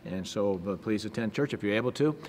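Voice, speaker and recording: A male pastor giving a devotional sermon with scripture reading, earnest, measured and encouraging. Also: fairly low pitch, darkish tone. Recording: echoey hall with faint background noise.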